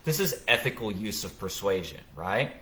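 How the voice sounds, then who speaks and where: A man's voice: fairly low pitch, very animated, normal speed, a bit bright. A middle-aged man hosting a casual live podcast, thoughtfully explaining parenting ideas with examples and frequent restarts. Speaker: podcast host.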